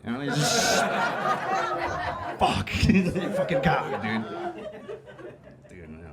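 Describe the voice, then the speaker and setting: A man's voice: mid-range voice, wildly swooping pitch, unhurried, long pauses, over a noisy crowd. A man hosting a comedy show, doing a casual, profane stand-up set on a club stage. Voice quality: casual, profane, laid-back delivery.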